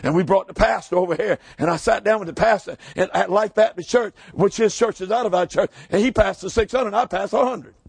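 A man preaching a shouting revival sermon, hollering high, then dropping low. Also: brisk, vocal fry, few pauses, breathy edge, no room sound. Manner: hollers with rising pitch, then drops low. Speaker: pastor.

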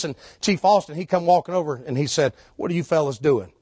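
Preacher, shouting then hushed. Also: male voice, expressive, fairly quick, few pauses, slightly rough, dry recording. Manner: swings from shouted preaching to low hushed storytelling. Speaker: street preacher. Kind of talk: storytelling sermon.

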